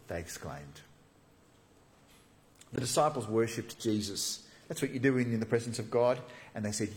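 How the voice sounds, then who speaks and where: Animated man preaching a sermon. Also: mid-range voice, normal speed. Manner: animated, acts out quoted voices.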